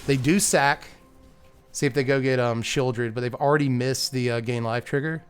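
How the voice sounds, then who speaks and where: A young man giving live commentary on his own card game, excitable and muttering, groaning at bad draws. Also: medium pitch, normal speed, faint music behind. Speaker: gaming content creator.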